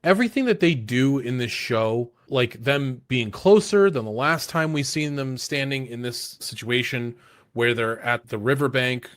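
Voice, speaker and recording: A man's voice: mid-range voice, animated, a little slow, fairly bright tone, no echo. A man co-hosts a podcast and gives casual commentary on an anime he loves. He talks loosely and gushes, with plenty of fillers. The recording is very dry, with no room sound around his voice. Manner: loose, filler-heavy gushing. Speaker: podcast co-host.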